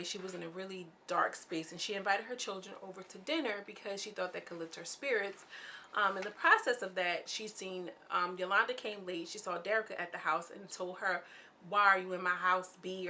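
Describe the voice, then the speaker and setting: A woman's voice: bright, forceful tone, slight background noise. A young woman casually recapping a reality show, chatty and candid, often acting out what the people said. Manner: chatty and candid, acting out quoted lines with swings in pitch.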